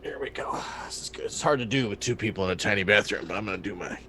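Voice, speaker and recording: A man playing a tabletop role-playing game, joking around loudly, partly in character. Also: lowish voice, racing, a little hiss or hum. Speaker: player.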